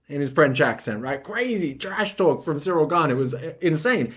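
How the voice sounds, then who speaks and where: A man's voice: a little high, normal speed, hardly any pauses, breathy edge, dull audio. A man giving casual, rambling reaction commentary on fights as a vlogger. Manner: rambling, excitable.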